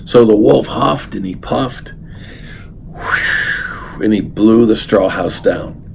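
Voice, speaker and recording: A man's voice: fairly low pitch, takes it slowly, creaky, darkish tone, a little hiss or hum. An older man reading a children's story aloud, then talking unhurriedly with many fillers. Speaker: speaker reading a story to his grandchild.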